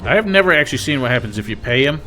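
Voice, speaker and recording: A man's voice: mid-range voice, sing-song, rapid-fire, over music. A man streaming a video game live, musing aloud in a chatty way and filling his talk with "like". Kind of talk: casual live-stream commentary.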